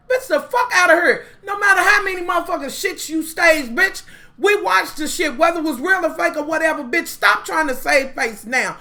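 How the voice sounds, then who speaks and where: Bright high-pitched woman ranting profanely. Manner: blunt, foul-mouthed, exasperated. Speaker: vlogger reviewing reality TV.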